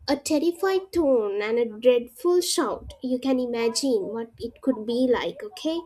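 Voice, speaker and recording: A woman teaching a literature lesson, explaining step by step, with frequent "uh" pauses and check-ins of "right?" and "okay?". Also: sits high, darkish tone, rough recording. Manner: frequent "uh" hesitations.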